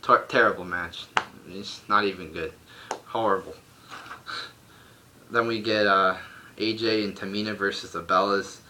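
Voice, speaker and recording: A man's voice: lowish voice, fairly even intonation, measured pace, pauses often, bright, forceful tone, a little hiss or hum. A young man reviewing a wrestling show at home, ranting bluntly with a lot of swearing. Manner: profane, blunt, exasperated ranting. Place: home room.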